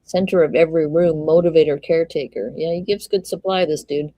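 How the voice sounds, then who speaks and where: A woman with a low, mellow voice giving casual live commentary as a livestream host. She reads messages aloud and drops in quick asides of her own. The sound is close and dry, with no room around it. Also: fairly even intonation, no echo, poor audio.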